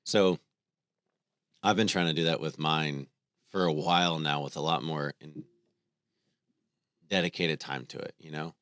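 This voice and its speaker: A man in his thirties, a podcast co-host, telling stories about his family in a relaxed, conversational way. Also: a bass voice, measured pace, long pauses, no room sound, studio quality. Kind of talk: casual faith conversation.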